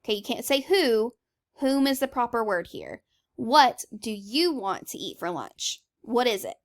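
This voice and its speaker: A woman's voice: a little high, expressive, measured pace. A woman teacher giving a recorded grammar lesson. She talks in a chatty, emphatic way, with examples and frequent "okay?" check-ins.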